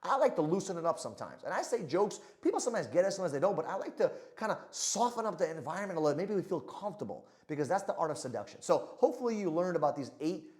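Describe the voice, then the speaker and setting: Animated, fast-talking male sales coach. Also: high voice. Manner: energetic, animated delivery with frequent "right?" check-ins; moves hands and body while talking. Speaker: sales trainer. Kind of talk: motivational talk to camera.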